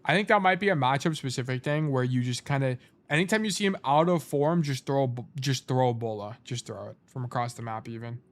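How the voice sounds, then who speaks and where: A man with a medium-pitched voice talks briskly, hardly pausing, as he casually coaches a game replay on a live stream. He thinks aloud in a laid-back, slightly sleepy way, often trailing off to correct himself.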